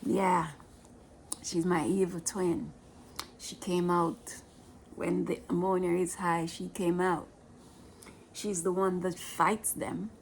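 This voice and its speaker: A Jamaican woman tells her own story for her vlog in a low, gravelly voice, taking her time over every line. She speaks plainly and often sinks into a breathy whisper. Faint noise hums under the recording. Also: level tone, slow pace, long pauses. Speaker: vlogger telling her life story.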